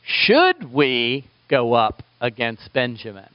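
Animated male pastor preaching. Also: mid-range voice, takes it slowly, dry recording. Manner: animated preaching with rhetorical questions. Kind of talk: sermon. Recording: dull lo-fi dry recording.

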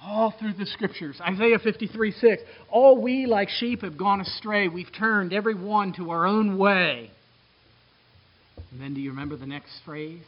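Preaching at normal speed, a man with a strikingly high voice swings between excited, bright outbursts and quiet, hushed asides. The sermon's audio sounds rather dull and lo-fi.

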